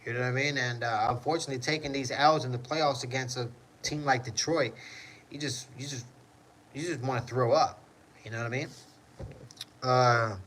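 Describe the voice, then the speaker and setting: A man's voice: mid-range voice, sharp tone, low-quality recording. A man hosting a casual livestream, reading chat comments and answering in a rambling way, often repeating "you know what I mean".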